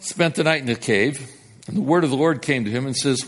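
A man preaching a sermon, telling the story with big swings from loud and emphatic to hushed. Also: mid-range voice, fairly quick.

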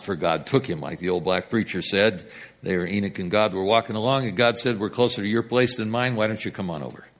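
A man preaches a sermon in a lively, swinging voice. He tells the story animatedly, rising to loud emphasis and dropping to a near-whisper. His voice sits at a middle pitch for a man.

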